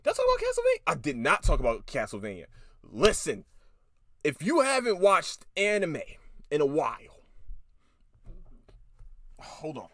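A man hosting a casual solo podcast, his voice riding high and swinging widely in pitch as he rambles. He swears freely and restarts his thoughts often. The recording is dry and close. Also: normal speed, pauses often, no echo. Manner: animated, profane, rambling with restarts. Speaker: podcast host.

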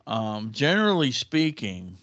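A man's voice: mid-range voice, sing-song, unhurried, a bit bright, no room sound. Rambling man telling a story. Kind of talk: casual chat, storytelling. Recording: dull, dry lo-fi recording.

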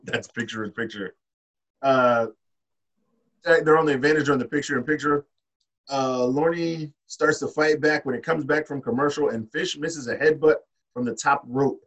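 A man's voice: medium pitch, a bit bright. Profane man recapping wrestling. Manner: loose and profane, reading off his notes. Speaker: podcast host. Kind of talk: casual wrestling recap chat.

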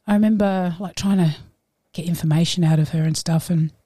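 A woman, a podcast guest telling a story in a lively, laughing way. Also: lowish voice, fairly quick, no room sound, clean studio sound. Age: adult. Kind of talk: casual storytelling.

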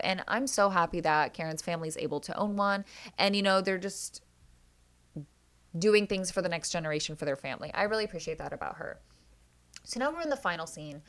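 A woman's voice: fairly low pitch, a bit bright. A young woman hosting a solo podcast who recaps reality TV episodes in a chatty, opinionated way and keeps calling her listeners guys. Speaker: podcast host.

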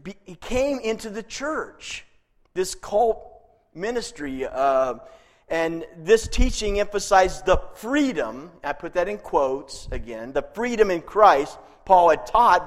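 A man's voice: high voice, very animated, a little slow. A male pastor preaching a sermon in a chatty way, chuckling at his own jokes. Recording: long reverb from a hall.

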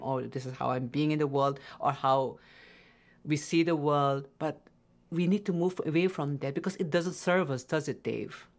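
A man hosting an interview, asking measured, leading questions. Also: fairly high pitch. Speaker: interview host. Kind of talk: conversational interview.

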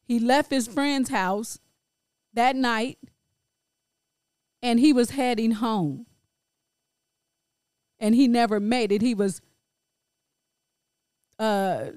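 A middle-aged grieving woman speaking in a halting, emotional personal monologue full of restarts. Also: on the high side, darkish tone, clear, resonant tone, no room sound, clean studio sound. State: grief-stricken. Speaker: grieving mother sharing her story.

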